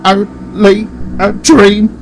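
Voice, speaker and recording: A man's voice: moderate pace, fairly bright tone, soft background music, close to an everyday voice. A man voicing a grumpy, easily frightened male steamroller engine in a storybook reading, stammering and defensive. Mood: terrified. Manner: stammering and defensive, shrill wailing when terrified.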